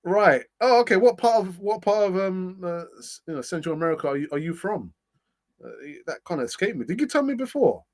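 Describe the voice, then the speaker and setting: A middle-aged man, fairly high-voiced for a man, hosts a casual live stream. He chats loosely, laughs easily and fills gaps with ums while he reads out comments. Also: animated, brisk. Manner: chatty, laughs often, thinks aloud with fillers. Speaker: host of a fan channel live stream.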